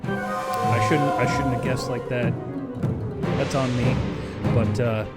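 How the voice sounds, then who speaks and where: A man's voice: medium pitch, steady tone, takes it slowly, over loud music, close to an everyday voice. A man playing a short, brash male racer who trash-talks his opponents in a crude, swaggering way.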